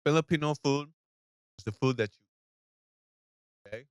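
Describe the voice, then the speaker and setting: A man's voice: fairly high pitch, a little slow, smooth, no room sound, studio quality. A man co-hosting a casual food podcast, bantering bluntly with profane roasting jokes. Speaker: podcast co-host.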